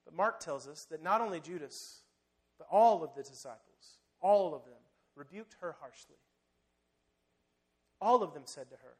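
High-voiced conversational male preacher. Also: moderate pace. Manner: conversational and animated, addressing listeners directly. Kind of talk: sermon.

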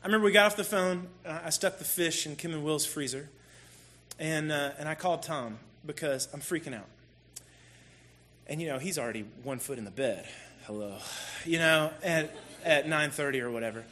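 A man with a high, crisp voice shares a personal story from the pulpit. He tells it in an animated, self-deprecating way, speaking directly to his listeners. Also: moderate pace, slight background noise. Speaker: church speaker.

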